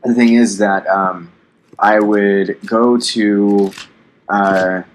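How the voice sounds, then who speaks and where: A man's voice: on the low side, steady tone, drawn-out words, rough recording. A young man in his twenties hosting a casual podcast, rambling bluntly with lots of swearing and fillers; his voice sounds youthful. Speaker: podcast host.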